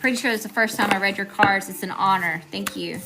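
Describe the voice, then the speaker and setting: A woman with a medium-pitched, brisk voice gives a live tarot reading in very noisy audio. Chatty and informal, she greets viewers and often checks in with "okay?"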